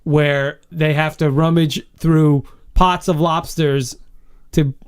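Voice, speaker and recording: Podcast co-host, male, slightly high voice, rambling and jokey. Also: steady tone, slow, clean tone. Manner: rambling, pitches ideas, laughs often. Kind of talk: casual comedic chat.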